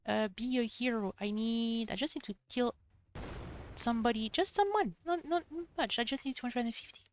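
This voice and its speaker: Excitable woman streaming a shooter game. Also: fairly high pitch, normal speed. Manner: chatty, excitable, talks to herself while playing. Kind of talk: live gameplay commentary.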